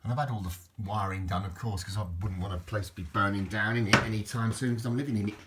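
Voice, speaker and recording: A deep-voiced man flips through an old manual and chats away. He rambles from one thought to the next and keeps stopping to restart. The recording carries a clear layer of background noise. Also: steady tone, fast talker. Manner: rambling, chatty, lots of restarts. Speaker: book reviewer. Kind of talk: casual chat. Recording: noisy home recording.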